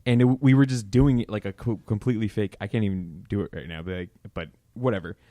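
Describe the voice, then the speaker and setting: A man's voice: on the low side, quick pace, warm tone, no echo, studio quality. A young man co-hosting a casual talk show, joking, laughing often and steering the talk back on track. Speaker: podcast co-host. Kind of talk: casual group chat.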